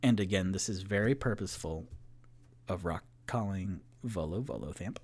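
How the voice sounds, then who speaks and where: A man's voice: low-pitched, moderate pace, a little mellow. A man narrating a solo tabletop game as dungeon master, casual and rambling, laughing at his own jokes.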